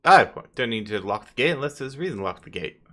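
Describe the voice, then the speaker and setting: A man voicing a brash male winged hellhound gate guard, loud and cocky with a working-class Cockney-like twang. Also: mid-range voice, very animated, fast talker. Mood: gruff.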